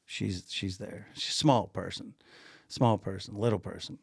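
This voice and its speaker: A man co-hosting a podcast, casually telling an animated anecdote, laughing often and repeating himself. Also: fairly low pitch, moderate pace, creaky, slightly rough, no room sound, clean studio sound. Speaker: podcast co-host and grocery store owner.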